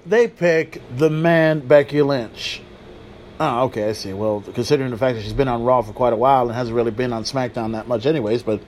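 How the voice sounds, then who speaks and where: A man with a somewhat high voice hosts a podcast on his own. He talks in a loose, excitable way, swears freely and keeps breaking off into little asides. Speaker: podcast host. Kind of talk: solo wrestling podcast talk.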